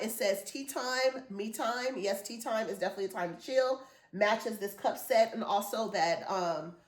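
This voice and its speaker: A woman in her forties chatting casually through a shopping haul, rambling and enthusiastic. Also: medium pitch. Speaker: haul vlogger. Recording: echoey room.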